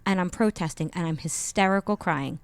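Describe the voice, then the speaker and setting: A woman guest on a podcast, telling a personal story with lively expression and acting out the dialogue. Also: fairly low pitch, fairly quick, no echo. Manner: expressive, acts out quoted dialogue. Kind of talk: animated storytelling in an interview. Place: radio studio. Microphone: studio microphone.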